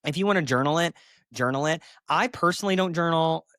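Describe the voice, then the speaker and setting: A fairly high-voiced man hosts a solo podcast, speaking candidly and with emphasis. He drops sassy asides as he talks. The sound is dry and close. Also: fast, a bit bright, dry recording. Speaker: podcast host and therapist.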